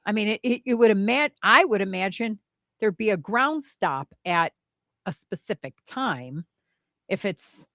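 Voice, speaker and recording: A woman's voice: medium pitch, animated, a little slow, a bit bright. A woman cohosts a talk show with a voice that rises and falls a lot as she chats. She is easily amused and talks in a loose, conversational way. The sound is dry and close, with no room echo. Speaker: radio show co-host. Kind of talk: casual banter.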